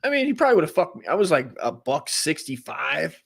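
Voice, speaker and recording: A man's voice: on the high side, big pitch swings, fairly quick, vocal fry, slightly rough. Profane rambling male storyteller. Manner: profane, rambling, full of fillers; earnest when he gets serious. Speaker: comedy podcast host. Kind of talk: casual storytelling.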